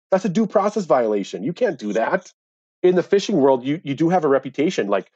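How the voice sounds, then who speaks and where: A man's voice: medium pitch, big pitch swings, fast talker, a little mellow, no echo, muffled recording. A man in an interview, earnestly recounting a dispute with officials and growing indignant. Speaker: interviewee, angler. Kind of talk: conversational storytelling.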